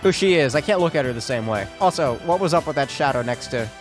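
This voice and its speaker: A man's voice: fairly high pitch, lively intonation, fast, music in the background. A man streaming a game, commenting casually while stumbling over his words and swearing freely. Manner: rambling, stammering, swears casually.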